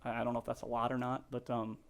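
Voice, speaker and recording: Here a real estate agent, a man, is being interviewed on a casual podcast. His mid-range voice barely moves in pitch. He stumbles along earnestly, restarting often and leaning on fillers, and he gets emotional and laughs along the way.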